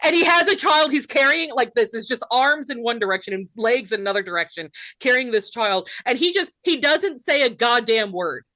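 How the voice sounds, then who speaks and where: A woman's voice: fairly high pitch, expressive, a little fast, few pauses, sharp tone, dry recording. A woman in her thirties with a Southern US accent, co-hosting a podcast and telling a story in casual chat, laughing often and saying "like" a lot. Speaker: podcast co-host.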